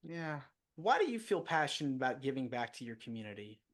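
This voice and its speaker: A man's voice: medium pitch, big pitch swings, brisk, fairly bright tone. A man hosting an interview show, asking polite, earnest questions. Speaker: podcast host.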